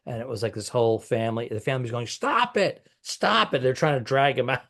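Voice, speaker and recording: Wry comedian in casual banter. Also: male voice, mid-range voice, fairly even intonation, very fast. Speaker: comedian and podcast co-host. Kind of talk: casual chat.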